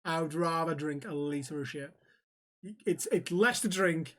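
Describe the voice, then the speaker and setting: A man's voice: on the high side, unhurried, a bit bright. A man co-hosting a casual podcast, joking crudely and swearing freely. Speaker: podcast co-host.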